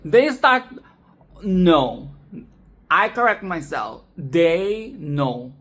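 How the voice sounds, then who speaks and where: A woman giving a casual, animated film commentary, swearing, laughing and repeating phrases for emphasis. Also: fairly low pitch, drawn-out words, slightly rough. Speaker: film review vlogger.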